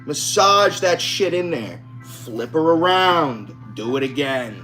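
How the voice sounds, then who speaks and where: A man's voice: fairly high pitch, animated, takes it slowly, sharp tone. Brash, foul-mouthed man cooking at home. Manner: profane, joking, brash and chatty. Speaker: home cook vlogger. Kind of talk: casual cooking chat to camera. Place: home kitchen. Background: music.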